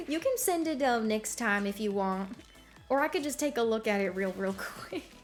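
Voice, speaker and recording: A woman streamer chatting casually with her viewers while gaming, bubbly and giggly, full of slang. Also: fairly high pitch.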